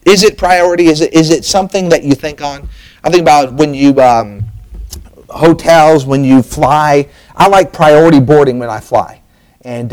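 A middle-aged man preaches from the pulpit in a folksy, storytelling way, slipping in fillers and restarting his sentences. His voice sits a bit on the high side. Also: a little mellow, rough recording. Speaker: pastor. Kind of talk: sermon.

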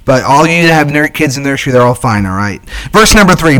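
A pastor, preaching in a folksy, chatty way with frequent "all right?" asides. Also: male voice, medium pitch, expressive, a little fast, bright, forceful tone, poor audio. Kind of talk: sermon.

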